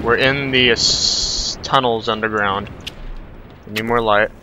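A young man commentating his own horror game playthrough, muttering nervously while exploring and yelling in panic when chased. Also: fairly low pitch, fairly even intonation, a little slow, lo-fi sound, background noise. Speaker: gaming channel host.

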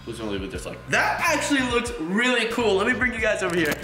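A young man hosting a casual vlog, playful and excitable as he chats with his viewers. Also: high voice, fast. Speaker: YouTube vlogger. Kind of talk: casual vlog talk to camera. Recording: roomy echo with music bed.

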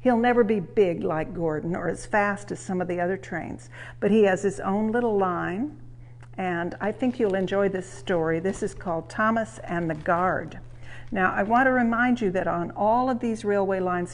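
Woman, storyteller, children's read-aloud, lively, expressive, mid-pitched. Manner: warm, lively, expressive reading. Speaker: storyteller, museum host. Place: railway museum.

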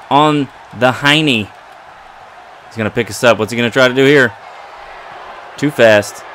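A man commentating his own wrestling video game play, excitable and trash-talking his opponent. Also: medium pitch, slow, pauses often, a little hiss or hum. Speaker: gaming commentator.

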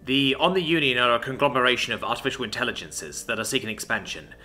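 A man's voice: medium pitch, fast talker, bright, forceful tone, soft background music, lightly acted. A man voicing a nervous male reptilian alien ship commander who answers in a hesitant, formal way. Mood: subdued.

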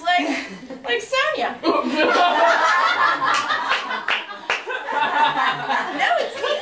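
A woman's voice: very high-pitched, noisy background, full character voice. A woman comedian playing a sassy, crude young Mary in a live one-woman sketch, talking in a brash, giggly, exaggerated way. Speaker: stand-up comedian. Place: stage before a live audience. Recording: distant roomy live stage with audience laughter.

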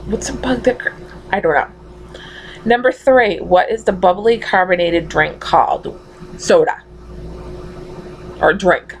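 A woman's voice: fairly low pitch, creaky, a little hiss or hum, poor audio. A young woman with a thick Massachusetts accent chatting casually at home, reading out questions and laughing often. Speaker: vlogger. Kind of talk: casual accent tag video.

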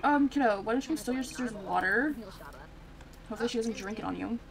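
A woman's voice: a little high, quick pace, gravelly, poor audio. Chatty young woman narrating her Sims game. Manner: chatty, reacts aloud to the game, frequent fillers. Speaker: Sims gameplay streamer. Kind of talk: casual gameplay commentary.

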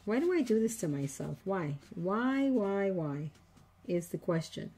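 A middle-aged woman hosts a papercraft tutorial in a husky, dark-toned, medium-pitched voice that swings widely in pitch and moves a little slowly. It's a casual crafting demo where she chats with viewers and teases herself with nervous jokes about her mistakes.

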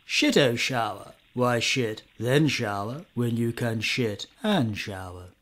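A man voicing a posh, smooth-talking male advertising pitchman with plummy, polished sales patter. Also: animated, slow pace, a bit bright. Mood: selling.

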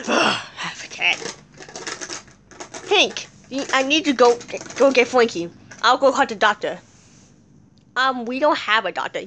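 A woman acting out a toy play with several characters, switching quickly between them in back-and-forth dialogue with sudden shrieks. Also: on the high side, lively intonation, fairly bright tone.

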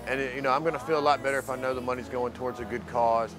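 A man from the mainland talks casually in an interview, rambling along and leaning on filler phrases. His voice sits in an ordinary middle range. Music plays clearly behind him outdoors. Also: medium pitch, steady tone, very fast. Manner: loose, rambling, leans heavily on "you know". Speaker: program resident and volunteer.

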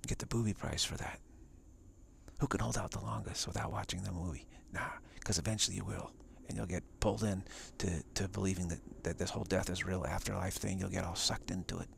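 A man teaching spirituality on a live stream repeats himself emphatically in a deep, heavily gravelly voice, sometimes whispering. His tone is steady and brisk, with a little hiss or hum in the recording.

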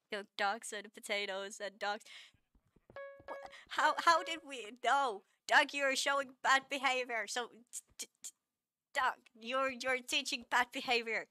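A woman's voice: high-pitched, measured pace, sharp tone, dry recording, faint music behind. A woman streamer chatting casually with her viewers, laughing often and playfully scolding them.

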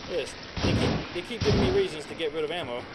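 A man commentating casually and profanely while playing a horror game, yelling when startled. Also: sits high, very noisy. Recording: loud game music under voice.

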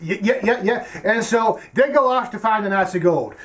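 A man's voice: animated, moderate pace, fairly bright tone. A man playing Kelvin, a dim-witted young film fan who rambles with broken grammar and stammered restarts. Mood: dopey. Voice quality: very high goofy voice. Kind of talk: comedic character sketch.

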